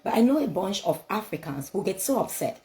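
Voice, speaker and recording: A woman's voice: mid-range voice, sing-song, brisk, darkish tone, low-quality recording. A woman speaking English as a second language, giving a motivational talk laced with scripture, emphatic and repetitive, full of rhetorical questions. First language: not English.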